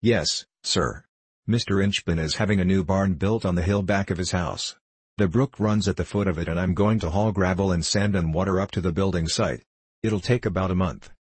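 A man's voice: low voice, normal speed, breathy edge, no echo. A man reading the part of an eager, bookish twelve-year-old boy in a storybook. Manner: eager, impatient.

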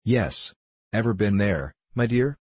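A man reading the part of a calm, kindly shaggy wanderer in a storybook, unhurried and gentle. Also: fairly low pitch, slightly rough, dry recording, exaggerated voice.

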